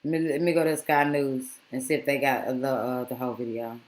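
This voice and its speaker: A woman's voice: rumbling low, steady tone, brisk, a little mellow, roomy sound. A woman vlogger giving casual, exasperated commentary that rambles with many restarts.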